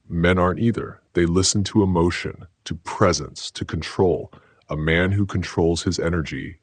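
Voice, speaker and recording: A man giving scripted self-help narration in a slow, measured, declarative way. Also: low voice, no room sound.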